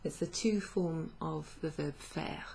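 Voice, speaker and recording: A woman's voice: sits low, slow pace, vocal fry, darkish tone, a little hiss or hum. A woman teaching a French lesson, explaining patiently with fillers and self-corrections. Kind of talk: online language lesson.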